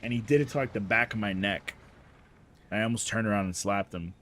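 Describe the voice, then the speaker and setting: Man, fairly low voice, casual streamer, animated storytelling, laughs a lot. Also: brisk. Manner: animated, laughs often, acts out the people he quotes. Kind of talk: casual storytelling to a live chat.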